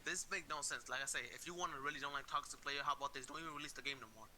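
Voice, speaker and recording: A young man co-hosting a casual online chat, animated and mocking, using lots of slang. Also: a little high, racing, low-quality recording. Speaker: co-host reviewing a video. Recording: faint hiss.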